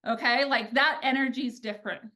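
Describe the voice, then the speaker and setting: Woman, 30s, upbeat pitching coach addressing coaches; animated delivery, slightly high register. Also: moderate pace. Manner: energetic, animated, peppered with "like" and "right?".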